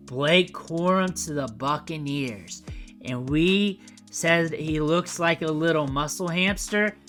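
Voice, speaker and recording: Bright-voiced man breaking down a mock draft. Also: fairly high pitch. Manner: opinionated, emphatic repetitions. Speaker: fantasy football analyst.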